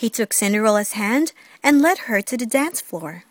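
A woman reading a fairy tale aloud as the storyteller, expressive and sing-song. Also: on the high side, normal speed, no room sound.

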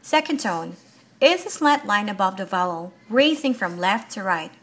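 A mother giving a home lesson on Mandarin tones, explaining slowly and drawing out each example syllable. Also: medium pitch, animated, fairly bright tone. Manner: slow, careful explanations with drawn-out example syllables. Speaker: parent teaching Mandarin tones.

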